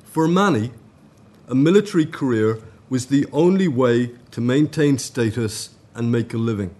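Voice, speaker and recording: A man at a conference, reading out a formal academic paper in a measured way. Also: mid-range voice, lively intonation, darkish tone. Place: conference room.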